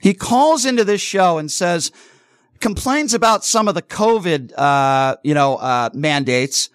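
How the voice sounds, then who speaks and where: Firm, combative radio talk host; man with a high voice, dry close mic. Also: lively intonation, unhurried, fairly bright tone, no echo. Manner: interrupts often, firm and combative. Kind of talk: heated call-in radio debate.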